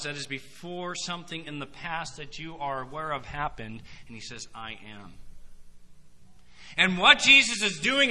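A man preaching a sermon, emphatic, swinging between loud proclamations and quiet asides. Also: on the high side. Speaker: pastor. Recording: long hall reverb.

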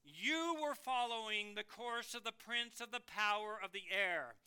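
A man delivering a sermon from a church pulpit, his voice pitched high and strikingly bright. He leans hard on key words and builds to loud, forceful bursts before dropping back to a quieter, measured teaching tone. The delivery is smooth and clear throughout. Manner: emphatic, rising to loud bursts. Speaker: pastor.

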